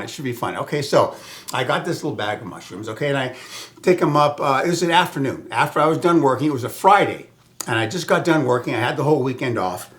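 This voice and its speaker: A man from Southern California telling a personal story in a rambling way, full of restarts, fillers and soft whispered asides. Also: a little high.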